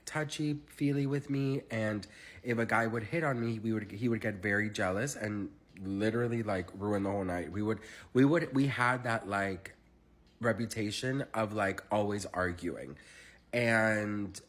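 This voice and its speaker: A young man telling a gossipy story to his followers, chatty and dramatic, with sassy asides and lots of fillers. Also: on the low side. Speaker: celebrity gossip vlogger.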